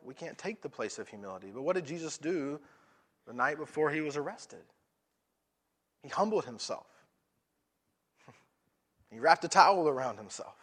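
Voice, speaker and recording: A male pastor delivering a sermon in a mid-range voice. He talks emphatically, throws rhetorical questions at his listeners and often stumbles and restarts mid-phrase. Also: mid-range voice.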